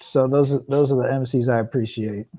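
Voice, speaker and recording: A man's voice: medium pitch, fairly even intonation, warm tone. A man being interviewed about his music, talking casually and restarting his sentences as he thinks aloud. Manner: halting, restarts often while thinking aloud. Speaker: guest rapper.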